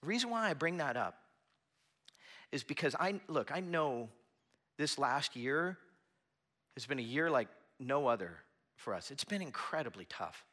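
A man's voice: mid-range voice, sing-song, a little slow, pauses often, pushed and bright. A man preaching a sermon as pastor in a church with a small audience, earnest and conversational, often restarting his phrases.

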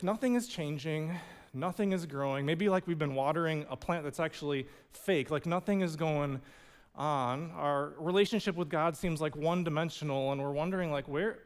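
A man's voice: on the high side, clean tone. A man preaching a sermon as a pastor, telling a personal story in a casual, humorous way with frequent "like" fillers, in a church sanctuary. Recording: long reverb of a large hall.

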